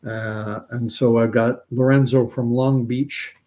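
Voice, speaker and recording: A man's voice: medium pitch, little pitch movement, slow pace, dark tone. A man hosting a livestream, talking in a rambling, conversational way and answering viewers. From Canada. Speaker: host of a commentary livestream. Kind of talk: casual livestream commentary.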